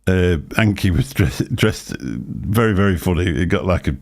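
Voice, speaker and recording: A man's voice: low-pitched, lively intonation, normal speed, creaky, a little mellow. An older man hosting a casual livestream chat, telling stories and laughing often. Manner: chatty anecdotal storyteller, laughs often. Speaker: show host.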